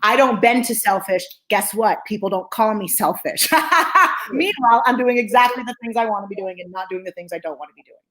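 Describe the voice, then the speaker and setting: A woman psychologist hosts a talk in a medium-pitched voice, speaking a little fast with few pauses, and the audio quality is poor. Her teaching is animated and energetic, repeating key phrases and frequently asking "okay?".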